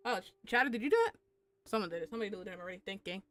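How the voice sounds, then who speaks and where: A woman's voice: medium pitch, rapid-fire, a bit bright. A young adult woman chatting casually on a live stream, rambling and swearing with lots of filler words.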